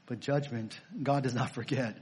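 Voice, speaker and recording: A man's voice: medium pitch, fairly even intonation, moderate pace, darkish tone, husky. A male pastor preaching a sermon, emphatic and repetitive, firing off rhetorical questions.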